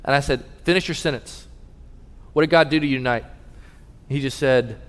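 Guy pastor preaching, earnest storyteller, goes quiet n low in the sad bits, big echoey church hall. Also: normal speed, pauses often. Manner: earnest storytelling, drops soft and low in emotional moments. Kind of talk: sermon. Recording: long reverb of a large hall.

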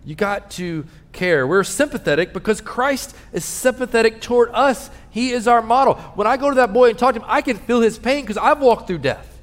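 Guy pastor preaching, earnest storyteller, goes quiet n low in the sad bits, big echoey church hall. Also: lively intonation, fairly quick, few pauses. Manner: earnest storytelling, drops soft and low in emotional moments. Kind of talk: sermon. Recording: long reverb of a large hall.

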